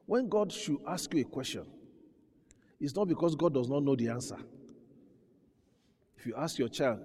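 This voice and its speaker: A pastor with a fairly high voice preaches in a church hall, and his words trail off into a long reverb. He moves from hushed, slow phrases to loud, emphatic bursts and acts out the voices he quotes. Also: expressive. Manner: preaching with dramatic swings from quiet to loud, acting out quoted voices. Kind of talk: sermon.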